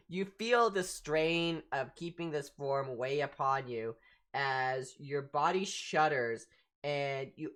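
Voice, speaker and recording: A woman's voice: sits low, a bit bright. A woman narrating as game master of a tabletop game, restarting her sentences often.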